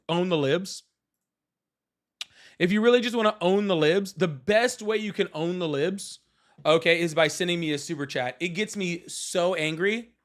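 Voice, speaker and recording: A man's voice: high voice, a bit bright. A man hosting a live political call-in stream, talking in a sarcastic, teasing way.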